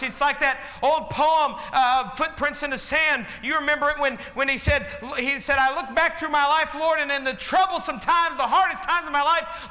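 A man's voice: very high voice, pushed and bright. A man preaching a sermon, asking the congregation questions and acting out the people in his stories. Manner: preaching with call-and-response questions; acts out quoted voices. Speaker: pastor. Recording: long hall reverb.

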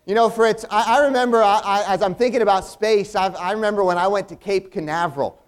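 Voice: medium pitch, fast. A performer playing the earnest straight man in a comedy routine, patiently explaining things with stammering restarts.

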